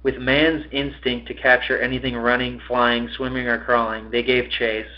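A man's voice: medium pitch, flat delivery, moderate pace, dull audio. A man hosting a podcast, reading a novel aloud with expression and swearing at his own slips.

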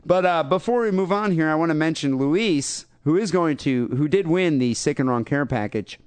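A man's voice: a little high, animated, normal speed, a little mellow, clear, resonant tone, dry recording. A man hosting a casual comedy podcast, rambling and joking with many fillers. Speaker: podcast host.

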